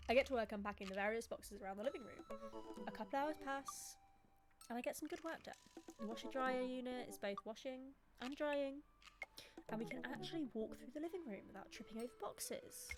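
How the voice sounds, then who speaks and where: A woman's voice: high voice, a little fast. Playful woman streamer reading a game. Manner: playful, giggly, voices the characters. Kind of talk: reading a dating game aloud with commentary. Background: background music.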